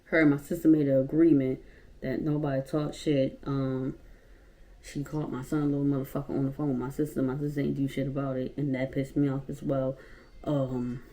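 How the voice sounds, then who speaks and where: A woman in her twenties from Baltimore, telling a story for a casual vlog in a blunt, profane, animated way. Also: very deep voice, moderate pace. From Baltimore, Maryland, USA. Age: 20s. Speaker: YouTuber.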